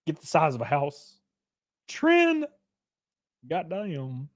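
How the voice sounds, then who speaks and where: A young man chats casually and slowly on a livestream, reading chat as he goes. He's loose and profane, full of fillers, and animated, with his pitch leaping sharply upward whenever he goes for a joke.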